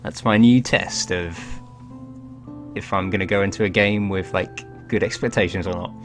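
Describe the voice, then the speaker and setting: Brief: low-voiced guy hosting a let's play, rambling, self-mocking, faint music under him. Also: steady tone, normal speed. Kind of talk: casual game commentary.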